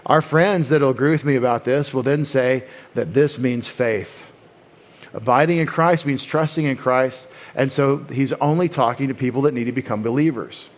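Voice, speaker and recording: A man's voice: mid-range voice, normal speed. Man teaching a doctrinal sermon. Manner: explanatory, with frequent restarts and quoted voices. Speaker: pastor.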